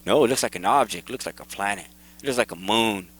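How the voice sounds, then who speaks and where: A man hosting his own video, casually and excitedly talking viewers through photos and repeating himself as he points things out. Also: lowish voice, fast talker, poor audio. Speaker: video host. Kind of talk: casual commentary over photos.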